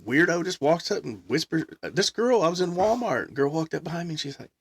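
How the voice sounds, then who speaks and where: Middle-aged man, casual storyteller, lively quoting, dry close sound. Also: a little high, fairly quick, husky, dry recording. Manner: animated, acts out quotes, laughs often. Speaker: guest musician.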